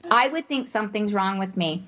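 A woman co-hosting a casual Christian women's talk show, telling stories in an animated way and laughing often. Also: medium pitch, fairly quick. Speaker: podcast co-host. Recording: dull lo-fi audio.

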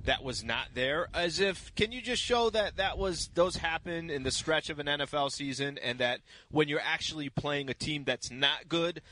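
Bright-toned radio co-host. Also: male voice, a little high, rough recording. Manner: quick quips, joking asides. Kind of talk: casual sports talk radio.

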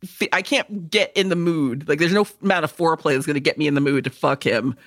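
Speaking fast in a low-pitched voice, a female podcast co-host keeps things casual and comedic. Her humor is crude and profane, delivered in an animated, joking way.

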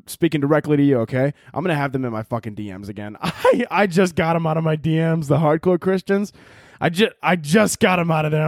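A man with a fairly high voice hosts his own podcast, giving a rambling, profane comedic monologue and cutting himself off in the middle of thoughts. The recording is dry with clean studio sound.

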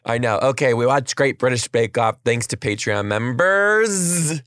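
A man's voice: mid-range voice, measured pace, a bit bright, no room sound, clean studio sound. A man in his thirties hosting a casual comedy chat, playful and teasing. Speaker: comedian and podcast host.

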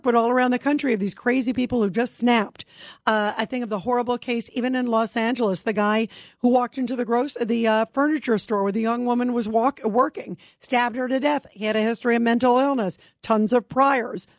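A woman's voice: on the high side, no room sound. A woman hosting a talk radio show, speaking emphatically and conversationally with many fillers.

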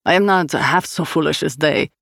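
Sly male villain trader, read by a woman: purring, slow, mocking, gravelly edge. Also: low-pitched, no room sound, clean studio sound.

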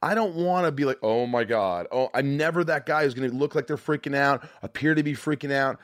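A man's voice: medium pitch, brisk, dry recording. A man hosting a podcast in casual chat, talking earnestly and profanely with many restarts, on a studio mic. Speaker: podcast host.

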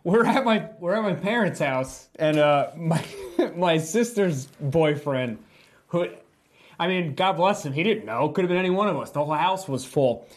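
Man, animated storyteller, fairly high voice, casual podcast chat. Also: moderate pace. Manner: animated storyteller, acts out quotes. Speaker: sister's fiance.

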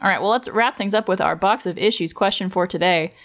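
A woman's voice: medium pitch, fairly quick, a bit bright. A woman hosting a podcast who cracks jokes and reads out listener letters. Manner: joking, reads listener questions aloud. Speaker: podcast host. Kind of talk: casual chat.

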